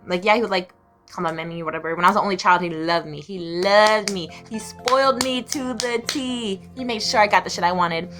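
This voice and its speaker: A woman's voice: lowish voice, fast talker, fairly bright tone, faint music behind. A young woman telling her life story to the camera in a blunt, profane way, now and then squealing her inner voice. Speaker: vlogger.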